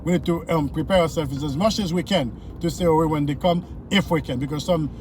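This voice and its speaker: A man's voice: fairly high pitch, brisk. A man, a driving instructor, talking viewers through city traffic from inside his car, repeating his points and checking they follow. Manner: repetitive, coaching, speaks straight to viewers. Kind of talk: casual in-car driving lesson commentary.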